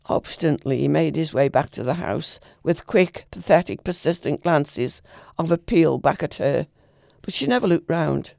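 A woman reading a literary short story aloud in a measured, expressive way. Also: low voice, creaky, no echo, studio quality. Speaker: reader.

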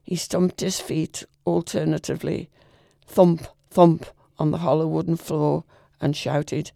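Woman, story reader, measured, expressive, gravelly voice, dry sound. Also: low voice, no echo. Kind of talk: literary story reading.

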